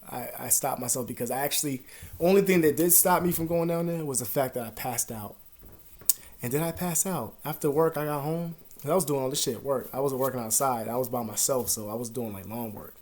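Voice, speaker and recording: A young man talking casually to the camera at home, rambling and swearing, his voice sinking to a mutter and then jumping up loud. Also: mid-range voice. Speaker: vlogger. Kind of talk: casual confessional talk to camera.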